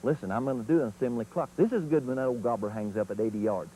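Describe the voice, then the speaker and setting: A man's voice: medium pitch, fast talker, warm tone, slight background noise, low-quality recording. A man teaching turkey calling in an instructional video, in a folksy, plain-spoken way.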